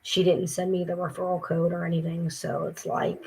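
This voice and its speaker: A woman's voice: lowish voice, completely flat delivery, a little slow, gravelly, a little mellow, husky, low-quality recording. An exhausted woman talking casually to her viewers, weary and frustrated, venting with mocking asides. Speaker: vlogger. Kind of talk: casual talk to camera.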